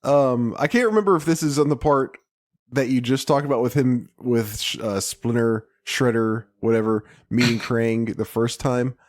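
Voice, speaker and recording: A man's voice: mid-range voice, moderate pace, dry recording, studio quality. A man co-hosting a podcast, chatting in an easygoing way and laughing along. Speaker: podcast co-host. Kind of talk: casual chat.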